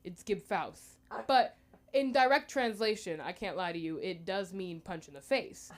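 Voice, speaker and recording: A woman's voice: mid-range voice, a little slow. A young American woman doing rambling stand-up at an open mic, chatty and full of fillers. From United States. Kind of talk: stand-up comedy.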